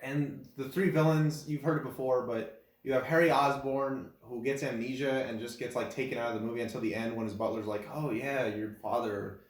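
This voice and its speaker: A man in casual chat ranking films, rambling with many fillers and breaking into loud incredulous laughter. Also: mid-range voice, steady tone, a little fast. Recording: echoey room.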